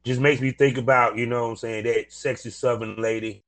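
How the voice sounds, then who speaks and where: A man hosting a podcast, reading sponsor plugs and chatting casually with a guest, energetic and fond of saying "you know what I'm saying". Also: medium pitch, fairly quick. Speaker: podcast host.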